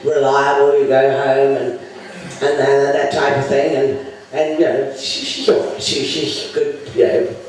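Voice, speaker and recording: Brief: a man doing a dithering British engineer, mellow tone, echoey room. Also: mid-range voice, flat delivery, lightly acted. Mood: hesitant. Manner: rambling, halting, repeats words. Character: hesitant, reserved British male engineer. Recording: echoey room, mic from far off.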